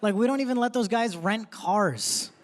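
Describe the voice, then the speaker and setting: High-voiced young comedian on stage. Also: male voice, moderate pace, long reverb tail, a little hiss or hum. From grew up in Texas. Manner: punchy, conversational delivery with crowd asides. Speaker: stand-up comedian. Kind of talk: stand-up set. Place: theater stage before a live audience. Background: audience laughter.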